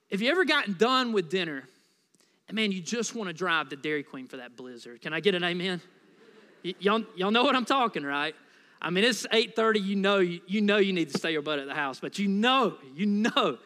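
A man from the United States preaches a sermon in a high, bright voice. He talks to the congregation casually and playfully, with plenty of asides. The recording carries the long reverb of a church hall. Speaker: pastor.

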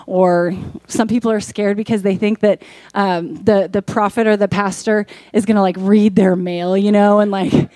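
A woman's voice: medium pitch, fairly even intonation, moderate pace, few pauses, warm tone, no room sound. A woman pastor preaching a sermon in a conversational way that rises to emphatic peaks.

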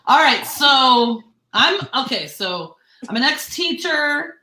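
A woman real estate agent tells a story to friends with animated, profane energy, switching voices for quotes. Her voice sits high and sounds bright and sharp. The room around her rings with echo. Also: takes it slowly. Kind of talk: casual storytelling in a group chat.

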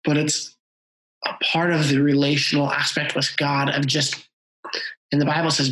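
A man's voice: on the high side, little pitch movement, moderate pace, long pauses, a bit bright, low-quality recording. A man hosting a podcast interview, talking in an earnest, reflective way. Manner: earnest, reflective, sometimes playful. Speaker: podcast host. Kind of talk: conversational interview.

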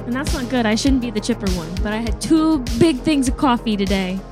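A young woman in casual chat, talking in a lively, blunt way and laughing often. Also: a little high, fairly quick, over music.

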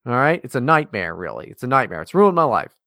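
Animated, foul-mouthed male podcast co-host. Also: mid-range voice, fast. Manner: profane, mocking, teasing. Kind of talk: casual podcast banter.

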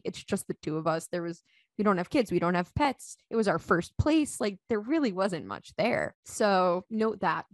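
A woman in her thirties tells a personal story as a podcast guest, casual and lively, laughing often as she slips into the voices of the people in it. Her voice sits at a middle pitch. The sound is dry and close, with no room around it. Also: no room sound. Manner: animated, laughs often, acts out quoted dialogue.

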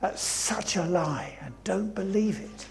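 Male preacher, slow deliberate delivery, slightly high pitch. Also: creaky. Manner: storytelling preaching, reads scripture aloud, repeats phrases for emphasis. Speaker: pastor. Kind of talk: sermon. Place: church.

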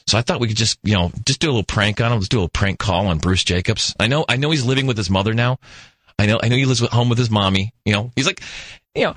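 A man's voice: on the low side, lively intonation, quick pace, fairly bright tone, dry recording. A male radio host telling a rambling, jokey story on air into a studio mic. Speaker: radio talk show host. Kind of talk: talk radio monologue.

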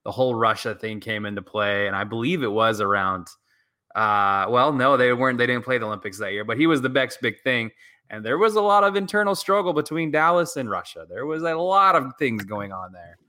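Bright-voiced man on a sports podcast. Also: mid-range voice, expressive. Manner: restarts a lot, builds his point slowly. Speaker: podcast co-host. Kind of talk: casual sports chat.

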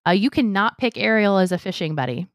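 A young adult woman co-hosting a casual podcast, chatty and animated, telling stories with quoted voices. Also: medium pitch, fast, dry recording, clean studio sound. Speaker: podcast co-host. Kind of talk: casual chat.

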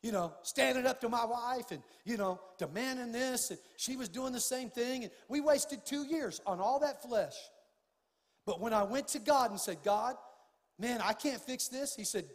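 An older pastor preaches a fervent sermon from the pulpit at normal speed, his voice high for a man. He shifts between hushed, intimate passages and loud, urgent outbursts, and the long reverb of a big church sanctuary trails after him.

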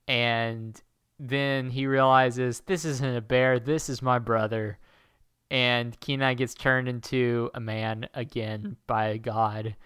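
A man with a bright, clean-toned voice chatting casually as a co-host. He retells a story in a rambling, jokey way and drops into goofy voices for the characters. The sound is dry and close. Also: mid-range voice, steady tone, slow pace, smooth, dry recording. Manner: jokey, rambling plot recap with silly quoted voices. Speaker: podcast co-host. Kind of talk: casual comedic chat.

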